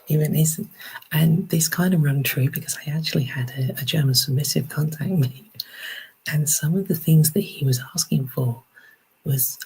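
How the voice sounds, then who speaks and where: A woman from England, a podcast guest in casual chat, soft-spoken and breathy, with halting restarts. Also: low-pitched, low-quality recording.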